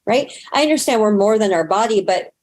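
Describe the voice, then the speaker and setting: Fairly quickly, a woman in her thirties shares a personal story as an interview guest. She's earnest and expressive, and her pitch shoots sharply upward whenever excitement takes hold.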